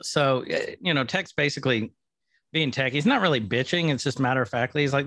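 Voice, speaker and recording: A man's voice: mid-range voice, fairly quick, a bit bright, no echo, clean studio sound. A man co-hosting a casual podcast, chatting and joking as he recaps an episode. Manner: playful, jokey, retells scenes. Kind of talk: casual chat.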